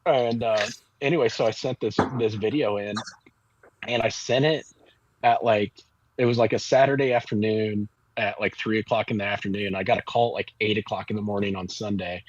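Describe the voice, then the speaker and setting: A man's voice: on the low side, fairly even intonation, fairly quick. A man from the Kansas City area, a barbecue pitmaster guest, telling a long rambling story in a casual interview with lots of restarts. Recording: dull lo-fi audio.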